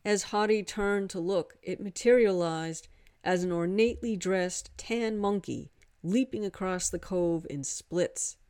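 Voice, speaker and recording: A woman narrating a romance story in a measured, unhurried way. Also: medium pitch, darkish tone, clean tone, dry recording. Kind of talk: scripted narration.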